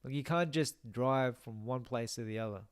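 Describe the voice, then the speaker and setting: A man's voice: medium pitch, normal speed, smooth, dry recording, studio quality. A young man chatting casually on a game live stream, reading out viewer comments and musing aloud.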